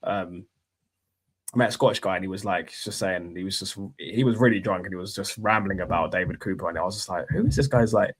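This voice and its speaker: A man's voice: sits low, fast talker, breathy edge. A young man with a London accent, hosting a casual football chat stream, rambling, repeating himself and swearing. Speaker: football channel host.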